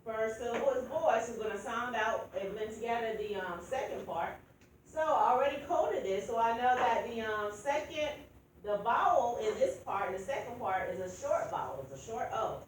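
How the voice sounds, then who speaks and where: A woman's voice: fairly high pitch, normal speed, a little hiss or hum. A woman teacher leading a phonics lesson, patiently prompting students and calling on them by name. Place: classroom. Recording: echoey room from a distance.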